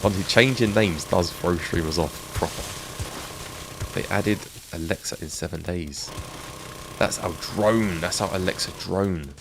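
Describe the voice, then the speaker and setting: This middle-aged man with an English accent has a low, creaky voice, heard against background noise. While gaming on a live stream, he chats casually with viewers, often laughing as he reminisces.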